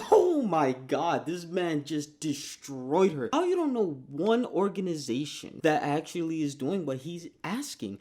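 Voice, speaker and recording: A man's voice: on the high side, sing-song, a little slow, few pauses, darkish tone. A man giving casual reaction commentary in a blunt, mocking way, swearing freely.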